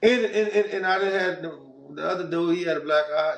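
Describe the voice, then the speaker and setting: A man's voice: a little high, lively intonation, a little fast, gravelly. A middle-aged man from Los Angeles, a guest telling his story in a casual, streetwise way that rambles and restarts often. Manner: rambling, streetwise, many restarts and "you know what I'm saying". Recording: roomy echo.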